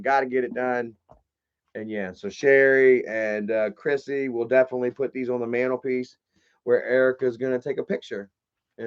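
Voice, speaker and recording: A man's voice: mid-range voice, clear, resonant tone. A man hosting a casual livestream, rambling, swearing freely and greeting viewers in the chat. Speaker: livestream host. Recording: muffled lo-fi stream audio.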